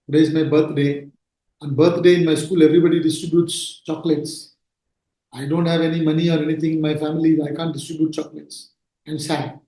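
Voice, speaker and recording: A man's voice: high-pitched, steady tone, fast, darkish tone, natural voice. A man voicing an innocent, tearful poor schoolboy in a spoken story. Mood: sad. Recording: very echoey room.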